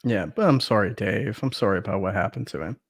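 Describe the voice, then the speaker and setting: A man from Wisconsin speaks as a paranormal investigator guest in a somewhat low voice. He answers in a measured, hesitant way with fillers. The sound is dry and close. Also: no room sound. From Wisconsin, United States. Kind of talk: interview answers.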